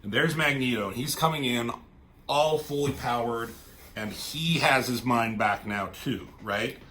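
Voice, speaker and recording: A man reviews a comic in a loose, rambling, easygoing style, swearing as he goes. His pitch sits in an ordinary middle range. A faint noise hums behind him. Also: a little slow, bright, forceful tone. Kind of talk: casual comic book review.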